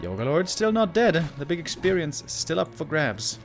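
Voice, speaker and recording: A man's voice: a little high, sing-song, normal speed, soft background music. Guy casting a strategy game live, chatty, lots of oh's at big plays, chats with viewers between fights. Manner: chatty, exclaiming at plays, drifts into asides to chat. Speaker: esports caster.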